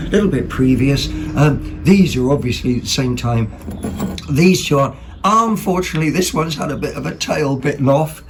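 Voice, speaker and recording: A man hosting a vlog, chatting casually about second-hand finds in a rambling, excitable way, full of ums and self-corrections. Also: mid-range voice, background noise. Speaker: vlog host.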